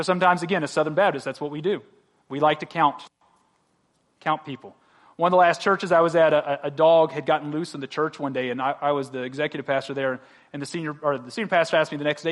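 High-voiced man preaching conversationally. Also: a bit bright. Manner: conversational preaching with jokes and direct questions to the congregation. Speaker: pastor. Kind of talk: sermon.

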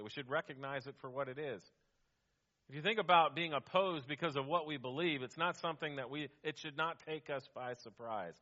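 A man's voice: fairly high pitch, pushed and bright, highs cut off. A pastor preaching a sermon, reading scripture aloud and repeating his key points for the congregation. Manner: reads scripture in a raised voice, preaches with repeated punchlines.

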